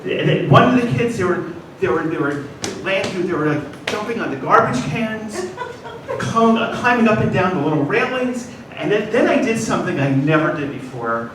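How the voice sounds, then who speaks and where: A man's voice: sits high, lively intonation, moderate pace. A middle-aged man telling a personal comic story to a live audience, rambling into self-deprecating asides. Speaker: comedian. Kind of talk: stand-up storytelling monologue. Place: class stage before a live audience. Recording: roomy, distant mic, noisy ambience.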